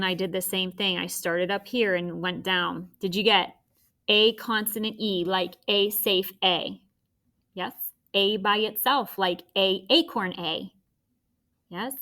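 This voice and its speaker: A woman's voice: mid-range voice, pushed and bright. A woman teaching a phonics and spelling lesson, encouraging and spelling words out letter by letter.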